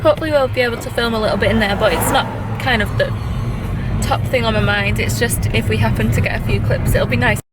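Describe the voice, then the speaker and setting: A woman's voice: a little high, quick pace, heavy background noise. Chatty, emotional woman vlogging. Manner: chatty and emotional, often laughs, many "like"s. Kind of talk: casual vlog chat.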